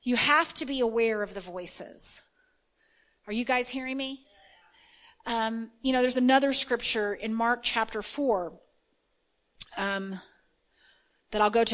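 A woman's voice: fairly high pitch, fairly bright tone, poor audio. A woman giving an informal sermon, chatty and full of fillers, reading scripture and checking in with her listeners. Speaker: preacher.

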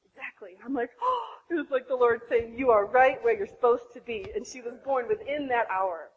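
A woman in her thirties sharing her own birth story to other women, animated, acting out her past self. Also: brisk, phone-quality sound. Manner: animated, acts out her own past voice with big pitch jumps. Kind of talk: impassioned personal testimony.

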